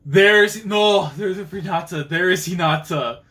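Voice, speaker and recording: A young man reading a manga chapter aloud and reacting live, excitable and slangy, often acting out the characters' lines. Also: high voice, a little slow, few pauses.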